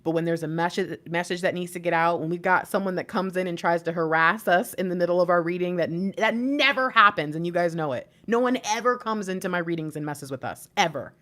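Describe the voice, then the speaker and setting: A woman with a low, deep-set voice speaks as an intuitive reader and life coach. She delivers an emphatic, preachy pep talk and mixes in casual slang. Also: brisk, hardly any pauses, a bit bright. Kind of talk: spiritual reading and channel talk.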